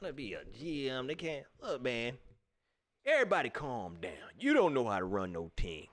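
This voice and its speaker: A man hosting a casual sports talk livestream, ranting at viewers in an animated way and laughing often. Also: mid-range voice, normal speed. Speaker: sports talk show host.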